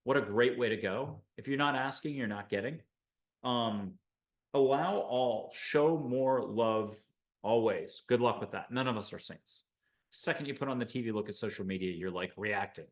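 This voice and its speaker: A man from the United States hosting a spiritual show, talking in an enthusiastic, rambling monologue full of animated asides. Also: medium pitch, normal speed. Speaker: host.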